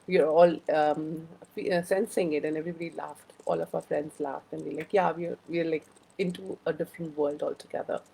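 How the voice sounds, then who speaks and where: A woman's voice: sits low, fairly even intonation, fairly quick, creaky, dark tone, a little hiss or hum, poor audio. A woman hosting a casual live-stream chat, rambling through personal stories and greeting viewers by name. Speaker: host of a live wellbeing chat.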